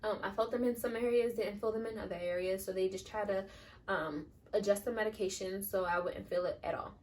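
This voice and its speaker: Her mid-range voice is steady, a little fast, and somewhat dark as this young new-mother vlogger chats her way through a personal story, filling it with "like." The mic is far away, and the storytelling is casual and rambling.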